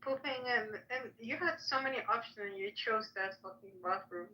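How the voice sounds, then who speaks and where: A woman co-hosting a podcast, chatting casually and reacting quickly with laughter. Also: a little high, bright, forceful tone, rough recording. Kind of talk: casual chat.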